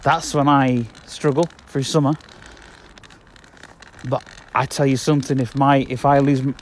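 This podcast host, a man in his 30s, meanders through chatty talk as he strolls outside around the block, going over the same points again. His medium-pitched voice is steady and unhurried, with slight background noise.

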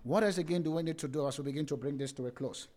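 Over a streamed service mic, a young adult male pastor reads scripture aloud and shares humorous personal stories with his congregation. He talks very fast in a slightly high voice with a darkish tone.

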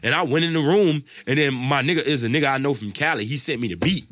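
A man, a rapper, telling his own stories in a loose, profane, animated way, often quoting what others said. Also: mid-range voice, fast talker, no room sound. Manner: animated, profane storytelling with quoted voices. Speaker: rapper and guest. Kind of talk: casual storytelling chat.

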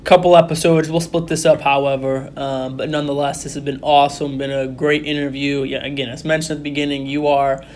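A man's voice: mid-range voice, flat delivery, brisk, few pauses, darkish tone, a little hiss or hum. A man hosting a casual podcast interview, upbeat and enthusiastic, laughing easily. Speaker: podcast host.

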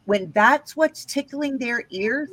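A woman's voice: fairly high pitch, lively intonation, takes it slowly, a bit bright, slightly rough, poor audio. A woman teaching scripture in an emphatic way, often checking in with her listeners. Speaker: Bible teacher.

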